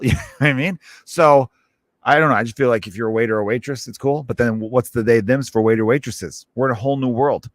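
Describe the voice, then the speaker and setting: A man's voice: mid-range voice, fast, dry recording. Swearing, rambling male comedian host. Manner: swearing, rambling, animated asides. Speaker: podcast host. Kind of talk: casual comedic rant.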